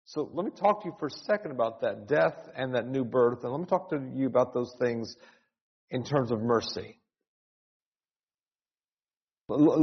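Man preaching an earnest sermon in a reverberant hall. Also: a little high. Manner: earnest, urgent preaching with repeated words and rising cries. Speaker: pastor. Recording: dull sound with long hall reverb.

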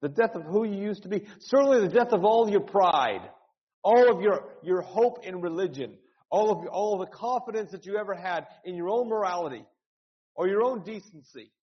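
A man's voice: high-pitched, lively intonation, normal speed. A male pastor preaching an earnest, urgent sermon, often repeating words and rising into cries. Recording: dull sound with long hall reverb.

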